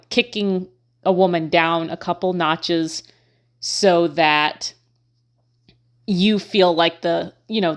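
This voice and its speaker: Woman host, slightly low voice, candid chatty commentary with frequent fillers. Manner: conversational, many fillers, frank and pointed. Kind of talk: casual commentary to camera.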